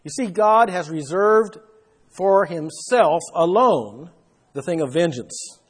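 A man's voice: high voice, animated, slow, husky. A man preaching a Bible sermon, explaining verses with emphatic rises in his voice. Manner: emphatic, rising for stress.

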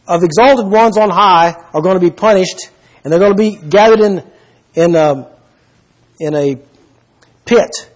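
A man delivering a Bible teaching sermon in a high, husky voice. He speaks emphatically, stops to put questions to his listeners and lists scripture references one after another. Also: unhurried, long pauses, rough recording. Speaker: preacher.

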